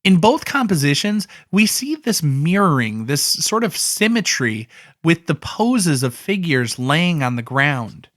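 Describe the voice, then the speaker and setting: A man explaining a painting in a relaxed, conversational way, thinking aloud with asides. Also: a little high, unhurried, no room sound, studio quality. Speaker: art educator. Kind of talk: casual art history explainer.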